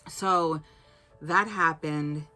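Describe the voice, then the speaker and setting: A woman's voice: deep voice, extremely slow, bright, forceful tone, soft background music. A young woman telling a personal faith testimony as a casual story, acting out the quotes and saying "like" a lot.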